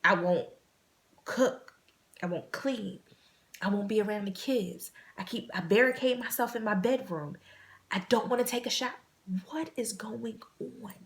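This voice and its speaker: A woman vlog host telling a personal story in an earnest, halting way, repeating phrases and sometimes dropping to a hush. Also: mid-range voice, creaky.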